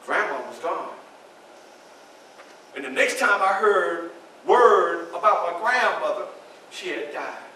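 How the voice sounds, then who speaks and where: Man portraying an earnest former slave, theatrical monologue, emphatic repeated phrases, high bright voice, very echoey room, distant camera. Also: lively intonation, takes it slowly, pauses often, a little hiss or hum, exaggerated voice. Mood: solemn. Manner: emphatic storytelling with dramatic repetition. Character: grown formerly enslaved man, earnest and grave. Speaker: historical reenactor. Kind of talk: theatrical first-person monologue. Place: library event room.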